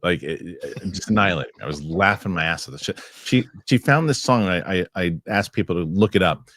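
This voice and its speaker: A middle-aged man hosting a casual podcast, rambling and animated, often repeating his words as he reads sponsor spots and tells stories. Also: low voice, fairly quick, no echo. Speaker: show host.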